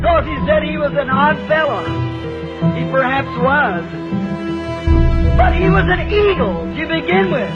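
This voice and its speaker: High-voiced folksy revival preacher. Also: male voice, lo-fi sound. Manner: folksy, rural turns of speech. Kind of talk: revival sermon storytelling.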